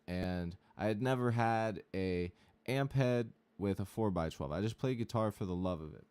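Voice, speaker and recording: A man with a fairly low voice, chatting on his stream about his gear and his old bands. He tells it loosely and profanely, stacking "like" and "uh" as the story runs on. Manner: rambling, profane, animated anecdote with frequent fillers. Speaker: guitarist and streamer. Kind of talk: casual storytelling on a livestream.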